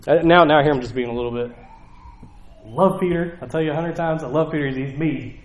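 A man with a Southern US accent preaching a sermon in a conversational, animated way. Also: on the high side, a little fast, reverberant. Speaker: pastor.

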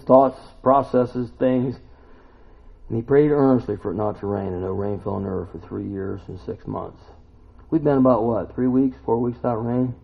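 A man preaching a sermon, emphatic and full of rhetorical questions, now and then climbing to loud exclamations. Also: medium pitch, creaky, slightly rough. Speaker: pastor. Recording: tinny phone-like recording.

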